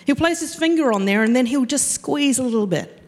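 Woman preacher, fairly high voice, animated sermon, long hall reverb. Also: brisk. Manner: animated storytelling, acts out quoted voices.

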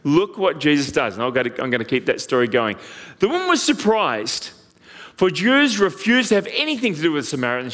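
A man's voice: fairly high pitch, brisk, in a large hall. A man preaching a sermon as a pastor, telling stories with animation and briefly voicing the people in them. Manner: animated storytelling, voices the people in the story.

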